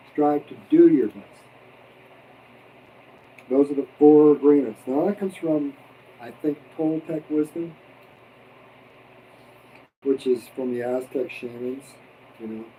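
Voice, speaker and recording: A man's voice: medium pitch, dark tone, recorded from a distance, a little hiss or hum, rough recording. A man hosting a casual mukbang livestream, chatting and joking while he eats. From abroad, expat. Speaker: livestream host. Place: home in the Philippines.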